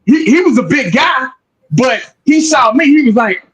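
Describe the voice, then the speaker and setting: Male sports host, high-pitched, casual and profane, hammering his points home. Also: lively intonation, moderate pace, background noise. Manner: profane, emphatic, repeats 'man' often.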